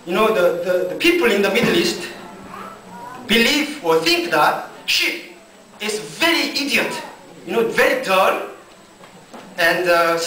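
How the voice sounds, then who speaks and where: Male pastor, slow deliberate English sermon; animated delivery, heard from afar in a roomy hall. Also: high voice. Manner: slow deliberate non-native English with many fillers and restarts. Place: church hall. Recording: echoey church hall from far off.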